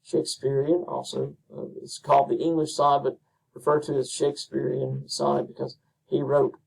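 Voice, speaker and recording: A male instructor explains his material in an unhurried way, dotted with ums and uhs. His voice is gravelly and husky. It sits at a middle pitch and is picked up from some distance off the mic. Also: little pitch movement. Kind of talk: recorded lecture.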